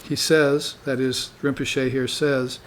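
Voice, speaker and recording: A man giving a spiritual dharma talk to students in an unhurried, conversational way, often tagging his points with "you see". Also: mid-range voice, level tone, a bit bright. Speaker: spiritual teacher.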